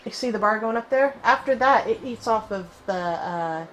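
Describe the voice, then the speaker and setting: Woman host for casual game commentary, bubbly and chatty, voice sitting a little high. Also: normal speed, slight background noise, poor audio. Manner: chatty and excitable, cooing to her in-game pet. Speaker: gaming channel host.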